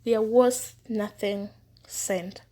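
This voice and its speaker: A woman telling her own story as a former housemaid, in an earnest, casual way. She repeats words for emphasis and sometimes drops into hushed asides. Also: medium pitch, steady tone, extremely slow. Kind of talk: personal testimony, casual storytelling.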